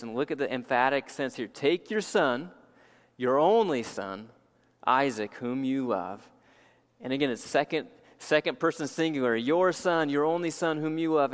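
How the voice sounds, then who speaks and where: A man's voice: medium pitch, fairly bright tone. Man preaching in an echoing hall. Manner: earnest, emphatic preaching with repeated phrases. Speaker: pastor. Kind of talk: sermon. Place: church sanctuary. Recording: long church hall reverb.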